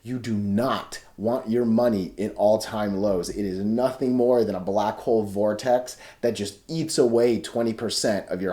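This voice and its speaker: Guy with a low mellow voice doing laid back stock chart talk, keeps saying right?. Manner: informal, repeats "right?" often, restarts sentences. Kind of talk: casual chart commentary.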